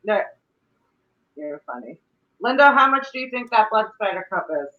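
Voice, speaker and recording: A middle-aged woman hosting a casual live stream, chatty and quick to laugh. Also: mid-range voice. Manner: laughs often, chatty and animated. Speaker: livestream host. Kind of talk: casual chat. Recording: dull lo-fi stream audio.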